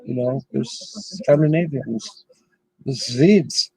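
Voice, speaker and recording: Slow, husky-voiced man hosting a chat. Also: medium pitch, dark tone, dry recording, poor audio. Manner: slow, rambling, chuckles often. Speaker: livestream host. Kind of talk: casual livestream chat.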